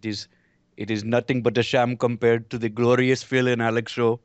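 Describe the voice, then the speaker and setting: A man's voice: mid-range voice, little pitch movement, a little fast, dry recording, muffled recording, lightly acted. A man playing a naive, overly polite talk show host with a put-on Indian accent, speaking in stiff, formal phrasing in improvised comedy. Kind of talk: improvised comedy role-play.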